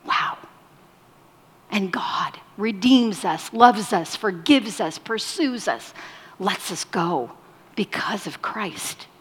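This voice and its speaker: A woman delivers a sermon at an unhurried pace, her voice husky and a little breathy. She shifts from loud emphasis to near-whispers. A long hall reverb trails after her words. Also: mid-range voice, animated. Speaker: preacher.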